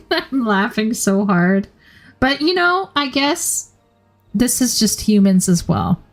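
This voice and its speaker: A woman's voice: a little high, very animated, takes it slowly, soft background music. A woman streaming a game, chatting casually with giggly, chatty asides. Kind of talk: casual gameplay commentary.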